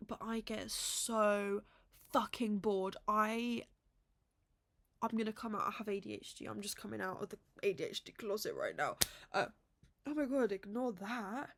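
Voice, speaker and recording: A young woman from England chats to camera at home in a casual vlog. Her voice sits a touch high, and she rambles through her stories, full of fillers. She keeps poking fun at herself and apologizing for being mean. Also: fairly bright tone. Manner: chatty, self-deprecating, rambling with many fillers. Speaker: vlogger. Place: home room.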